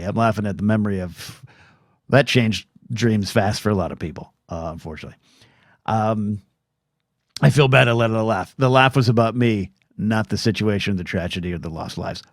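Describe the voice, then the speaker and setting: The solo podcast host is a middle-aged man with a mid-range voice, heard in studio quality with no echo. He rambles and jokes at his own expense, stumbling into restarts and slipping into quoted voices for short bursts.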